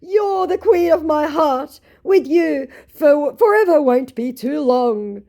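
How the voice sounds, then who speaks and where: A woman voicing a lovesick, pleading adult male scammer in a whiny, drawn-out voice with broken English. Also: high-pitched, animated, creaky, warm tone, voice pushed up, full character voice.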